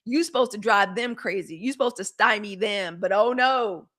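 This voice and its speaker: Speaking at a moderate pace and medium pitch, a middle-aged woman runs a live news commentary show. She's blunt and animated, curses freely, and answers comments that viewers post in the chat.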